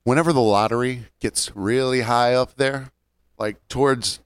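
A man's voice: mid-range voice, steady tone, moderate pace, smooth, no room sound. A man in his forties chatting casually on a podcast, ranting wryly and joking. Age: 40s. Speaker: podcast co-host. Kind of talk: casual chat.

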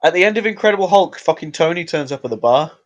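A man co-hosting a casual podcast chat, sweary, jokey and quick to argue. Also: a little high, animated.

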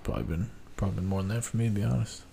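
A man's voice: lowish voice, very fast, creaky, warm tone, husky. A man co-hosting a podcast in casual, joking, argumentative banter. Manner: joking, argumentative, slips into movie impressions. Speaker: podcast co-host.

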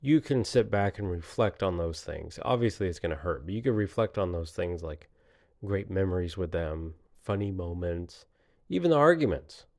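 Low-voiced man musing aloud. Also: expressive, normal speed, a little mellow. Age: 30s. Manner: rambling, laughs often at himself. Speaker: podcaster. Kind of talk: reflective monologue.

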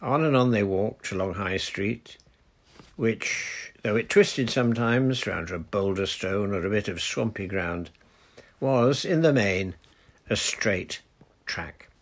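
A man reading a children's adventure story aloud in a measured storytelling manner. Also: lowish voice, animated. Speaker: audiobook narrator. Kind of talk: storybook narration.

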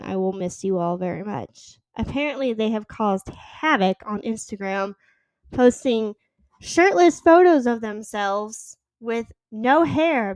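A young woman in her twenties talks on her solo podcast in a loose, rambling way, filling gaps with "um" and "like". Her voice is smooth and clean, and the close mic gives a dry sound with no room around it. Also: mid-range voice, a little mellow, no echo. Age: 20s. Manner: rambling, chatty, lots of fillers and likes. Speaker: podcast host. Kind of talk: casual solo podcast chat.

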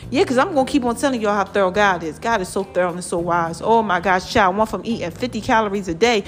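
A woman vlogger giving lively, preachy motivational talk straight to her viewers. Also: medium pitch, quick pace, faint music behind. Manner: lively and preachy, calls viewers "child" and "y'all".

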